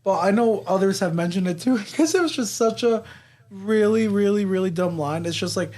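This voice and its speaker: A man's voice: high-pitched, a little fast, darkish tone. A man co-hosting a podcast, casually recapping a movie plot in a rambling way, swearing and laughing. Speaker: podcast co-host. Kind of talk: casual movie review chat.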